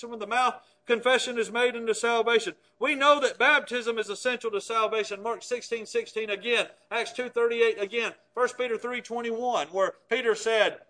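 A man with a very high voice delivers a sermon. He talks emphatically, punching some words hard and letting others fall away to a hush. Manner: emphatic, swings from loud stresses to hushed low phrases. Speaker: preacher.

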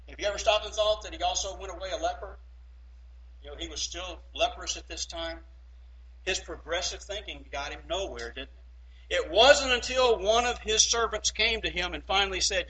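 A man preaching a sermon emphatically, swinging between loud and hushed and checking in with "okay?". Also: a little high, moderate pace, breathy edge, rough recording.

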